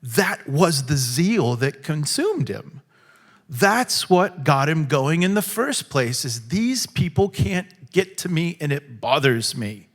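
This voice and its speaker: A man preaching a sermon in a church, acting out quotes and swinging from loud to hushed. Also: on the high side, big pitch swings, takes it slowly. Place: church hall.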